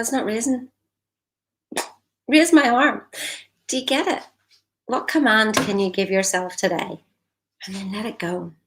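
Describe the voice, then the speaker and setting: Woman, motivational talk, upbeat, encouraging, laughing asides, middle pitch. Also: fairly bright tone, slight background noise, rough recording. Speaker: motivational speaker on a live stream.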